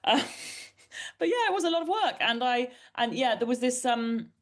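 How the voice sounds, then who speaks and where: A British woman in her forties, an author being interviewed, tells stories in a candid, rambling, self-deprecating way. Her voice is on the high side and expressive, and she speaks at a normal speed.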